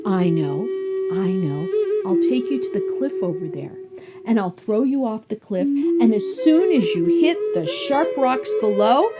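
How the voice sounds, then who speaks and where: A woman voicing a hungry, scheming male coyote in a spoken storybook tale, drawing out her threats slowly and slyly. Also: a little high, big pitch swings, over loud music. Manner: sly, drawn-out threats.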